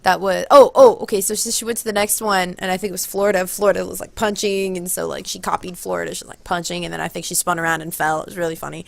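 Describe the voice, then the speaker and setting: A woman's voice: quick pace, gravelly, few pauses, no room sound. A woman telling a long story casually on her vlog, rambling and acting out quotes, speaking into a close handheld mic. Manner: rambling, animated, acts out quotes in high voices. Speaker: vlogger. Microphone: handheld corded mic held close.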